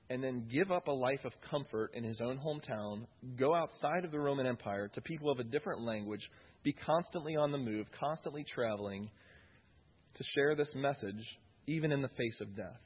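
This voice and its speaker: A man's voice: mid-range voice, breathy edge, highs cut off. A man preaching a sermon in an earnest way, often repeating key phrases for emphasis.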